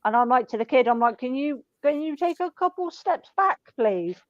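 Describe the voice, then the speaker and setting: A woman's voice: high-pitched, normal speed, no room sound. Blunt, sweary woman in her twenties. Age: 20s. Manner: blunt, sweary, deadpan storytelling. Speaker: shop worker telling stories. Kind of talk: casual chat. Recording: dull lo-fi dry sound.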